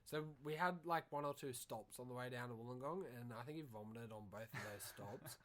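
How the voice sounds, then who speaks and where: A man's voice: medium pitch, fairly quick. A young Australian man telling a long rambling story in casual podcast chat, swearing freely. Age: young adult. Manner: rambling, swears a lot, animated. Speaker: podcast co-host.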